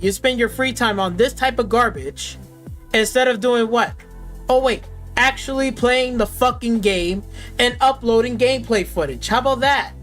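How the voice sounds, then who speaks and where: A woman streamer ranting with angry, sarcastic, profane commentary at her gaming PC. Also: fairly high pitch. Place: at a desktop gaming PC.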